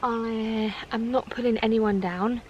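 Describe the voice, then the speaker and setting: A young woman, chatting casually in a vlog, gushing and excitable at times, quieter and subdued at others. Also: on the high side, slow pace, highs cut off, slight background noise. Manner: gushing, breathy and excitable, then hushed and subdued. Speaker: vlogger.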